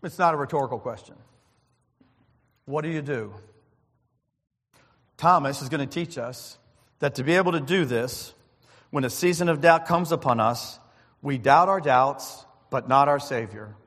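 A man preaching a sermon as pastor, emphatic and repetitive, swinging between loud and soft. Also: mid-range voice, moderate pace, pauses often, in a large hall. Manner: emphatic, repeats phrases, shifts loud and soft.

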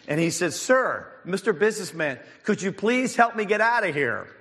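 A man's voice: big pitch swings, normal speed, fairly bright tone, long reverb tail. A man voicing a desperate man trapped in a pit, pleading for help in a raised voice. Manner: pleading, voice pushed up high.

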